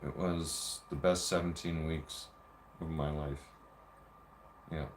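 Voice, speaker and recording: A man's voice: very deep voice, steady tone, slow pace, slight background noise. A man telling a heated, profanity-laced story about an ex, re-enacting their arguments as he goes. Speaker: vlogger. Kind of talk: casual storytelling rant.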